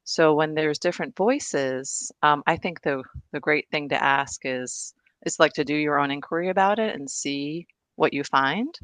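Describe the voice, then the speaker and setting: A woman's voice: low-pitched, normal speed, fairly bright tone, no echo. Chatty woman presenter on a video call. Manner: enthusiastic, chatty, laughs often. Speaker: guest presenter. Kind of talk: casual discussion on a video call.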